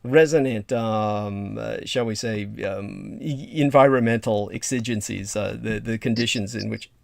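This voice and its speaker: A man hosting a casual livestream conversation, wordy and deliberate, with hesitant fillers. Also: lowish voice, creaky, no room sound, clean studio sound. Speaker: host.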